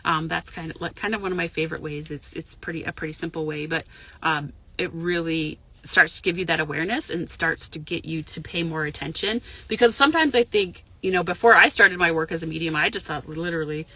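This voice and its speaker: Speaking fairly quickly in a low, bright, forceful voice, a spiritual medium talks to her live audience from her parked car. The intuitive mentor keeps it casual, frank and profane, rambling with many fillers.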